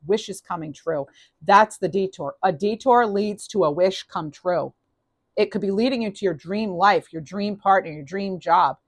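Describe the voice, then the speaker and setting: A tarot reader gives a casual, upbeat reading, chatty and full of restarts. Her voice is on the low side, and she clears her throat and seems to be losing her voice. There's no echo.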